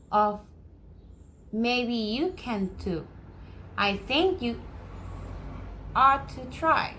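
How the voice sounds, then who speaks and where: A woman teacher reading a picture book aloud to first graders, slow and encouraging, acting out each sound. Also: on the high side, animated, sharp tone, a little hiss or hum.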